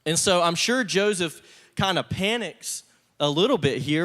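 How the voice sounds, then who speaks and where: Casual, joking pastor in a hall. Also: male voice, on the high side, big pitch swings, a little slow, fairly bright tone. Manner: casual and conversational, with laughs and acted-out asides. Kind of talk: sermon. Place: church sanctuary. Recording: long reverb of a church hall.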